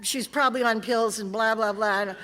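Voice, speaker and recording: A woman's voice: a little high, steady tone, a little fast, sharp tone. A woman from California telling her recovery story to a convention audience, blunt and wry, acting out the voices of people she quotes. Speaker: recovery meeting speaker. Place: large convention hall. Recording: reverberant convention hall.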